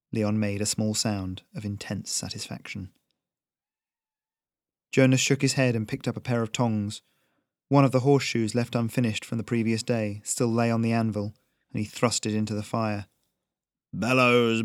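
A man reading a story aloud in a slow, measured narration. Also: on the low side, a little mellow, no echo, clean studio sound.

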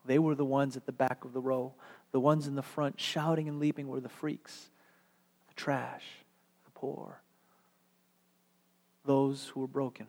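A man's voice: mid-range voice, level tone, normal speed, a little mellow. A male pastor delivering a sermon with dramatic, earnest storytelling. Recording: long hall reverb.

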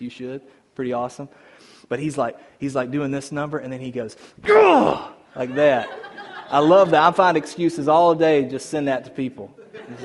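A male pastor preaching a sermon in a conversational, animated way, with many casual fillers. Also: medium pitch.

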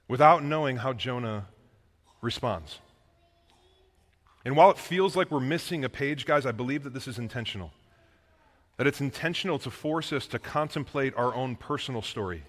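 A man preaching a sermon in an animated, casual way, with slang and emphatic delivery. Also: mid-range voice. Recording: long echoing reverb.

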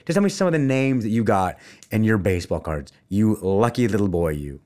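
A man's voice: lowish voice, normal speed. A middle-aged man hosting a casual chat, playful and teasing, talking straight to his listeners. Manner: animated, playful teasing, talks to listeners as folks. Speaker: podcast host.

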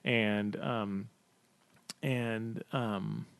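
A man's voice: lowish voice, steady tone, drawn-out words, vocal fry, smooth, no echo. A man hosting a Q&A podcast, thinking aloud with lots of fillers and restarts and stumbling over words. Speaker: podcast host. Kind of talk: casual Q&A podcast talk.

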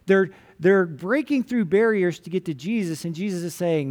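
Pastor, man, higher voice, relaxed storytelling sermon style. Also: normal speed. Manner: casual storytelling, retelling scripture in everyday words.

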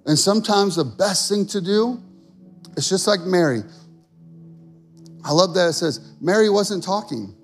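A man's voice: sits high, animated, a little slow, pauses often, soft background music. A male pastor preaching a sermon in an earnest, conversational way.

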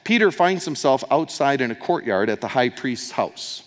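A man's voice: medium pitch, very animated, moderate pace. A man preaches a sermon with a middle-range voice, retelling the story in an easy, conversational way. He acts out the quoted lines and drops into little asides. His words ring on in a long hall reverb, as in a church sanctuary. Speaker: pastor.

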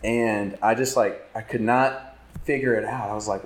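Low-voiced man telling his story in an echoey hall. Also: fairly even intonation, moderate pace. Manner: candid, self-deprecating storytelling. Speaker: campus ministry speaker. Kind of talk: conference talk.

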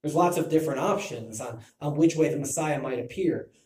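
Male Bible teacher, mellow tone, restarts often, roomy echo. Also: a little high, brisk. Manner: thinking aloud with restarts. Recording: echoey room.

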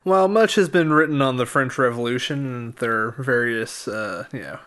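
A man co-hosting a casual history podcast, chatting easily and then reading history segments in an even, informative way. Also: medium pitch, moderate pace. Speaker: podcast co-host.

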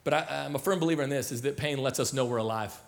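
A man's voice: medium pitch, fast, vocal fry. A man pastor preaching a sermon to his church, in a loose, storytelling way full of fillers and restarts, somewhere in his thirties. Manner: casual storytelling, many fillers and repeated starts. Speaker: senior pastor. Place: church auditorium.

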